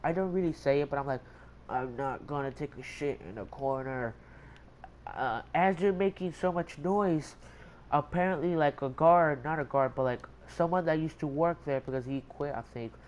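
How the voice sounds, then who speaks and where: A man's voice: a little high, moderate pace, slight background noise, poor audio. A young man telling a rambling, profane story in casual slangy chat.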